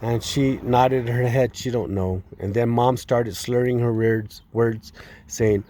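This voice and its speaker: A man giving a personal testimony. He speaks in a halting, earnest and distressed way, often restarting and repeating words. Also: medium pitch, steady tone, dark tone. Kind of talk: personal testimony, spoken retelling.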